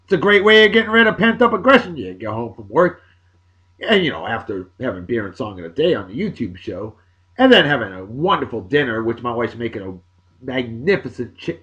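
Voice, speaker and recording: Animated jokey man. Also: medium pitch, highs cut off. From Massachusetts, USA. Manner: jokey, animated, swinging between loud bursts and mumbled asides. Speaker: video blog host. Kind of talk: casual birthday shout-outs.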